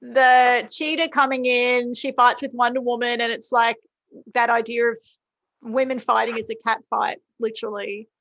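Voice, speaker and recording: A woman's voice: a little high, level tone, normal speed, gravelly, a bit bright, no room sound, highs cut off. A woman hosting a casual interview, agreeable and encouraging. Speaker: host.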